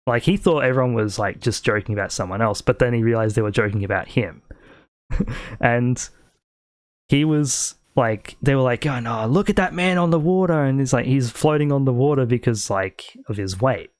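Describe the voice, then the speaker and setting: A man's voice: medium pitch, normal speed, a little mellow, dry recording. A man with an Australian accent hosting a casual podcast, telling rambling stories and laughing often. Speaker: podcast host.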